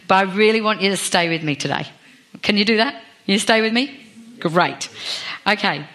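A woman's voice: on the low side, fairly bright tone. A woman preaching a sermon in a chatty, self-deprecating way, asking the congregation questions. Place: church.

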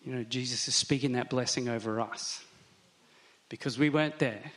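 A man giving a sermon, talking it through conversationally and slowing down to stress key words. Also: medium pitch, fairly bright tone. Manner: conversational, reflective, with slow emphatic stresses. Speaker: pastor.

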